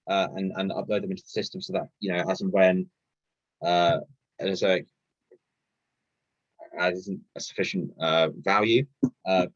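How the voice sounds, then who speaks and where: A man's voice: on the low side, dry recording, muffled recording. A man presenting a live webinar, reading viewer questions aloud and answering them casually with many ums and restarts.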